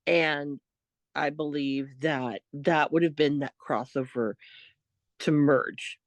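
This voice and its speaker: A woman co-hosting a podcast, telling a story in a casual, animated way, quoting what others said. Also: low voice, slow pace, no room sound. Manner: animated retelling, quotes others, laughs often. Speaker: podcast co-host.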